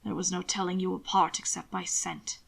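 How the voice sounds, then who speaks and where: Woman reader doing a big brooding man in a storybook: low harsh whisper, hushed and intense. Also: flat delivery, moderate pace, creaky, husky, full character voice. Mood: wistful.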